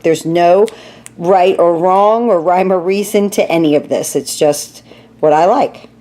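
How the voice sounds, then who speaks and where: A woman's voice: fairly low pitch, dark tone. A middle-aged woman chatting through a card-making tutorial, laughing at her own mess as she works. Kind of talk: casual craft tutorial.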